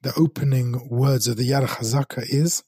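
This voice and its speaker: A man's voice: mid-range voice, steady tone, normal speed, mellow, breathy edge, dry recording. A middle-aged man giving an earnest Torah talk as a rabbi, repeating phrases for emphasis. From England.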